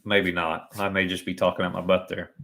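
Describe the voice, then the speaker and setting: A man's voice: low-pitched, little pitch movement, fairly quick, fairly bright tone. A man doing chatty, self-mocking live commentary on a sporting event. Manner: chatty and joking, laughs at himself. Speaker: livestream commentator.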